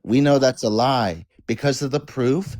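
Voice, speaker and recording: A man speaking as a guest on a livestream, indignant but measured. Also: mid-range voice, a little mellow. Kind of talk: heated livestream discussion.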